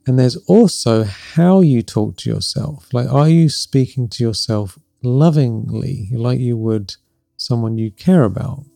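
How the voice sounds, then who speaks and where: A middle-aged man hosting a spiritual podcast, gently and reflectively coaching listeners, often checking in with "right?" and laughing softly. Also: mid-range voice, unhurried, creaky, no room sound. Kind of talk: spiritual teaching talk.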